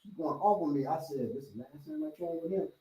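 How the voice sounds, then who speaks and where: A middle-aged man, a martial arts instructor and host, telling stories in casual chat and acting out other people's lines loudly. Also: on the high side, fast talker. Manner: animated, acts out quoted voices loudly. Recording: roomy sound from a distant mic.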